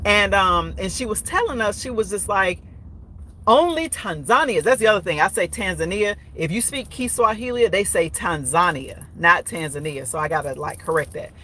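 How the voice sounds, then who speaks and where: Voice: medium pitch, animated, fairly quick, hardly any pauses, sharp tone. A vlogger from the United States telling a travel story in a chatty, rambling way with many fillers. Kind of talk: casual storytelling. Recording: noisy background.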